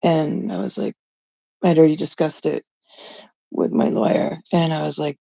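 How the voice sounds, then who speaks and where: A woman's voice: low-pitched, steady tone, gravelly, warm tone, slightly rough. A middle-aged woman from Canada hosting a livestream, telling a story to her chat in a blunt way and swearing freely. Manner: blunt, swears freely, quotes others in quick asides. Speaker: livestream host. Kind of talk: casual storytelling to a live chat.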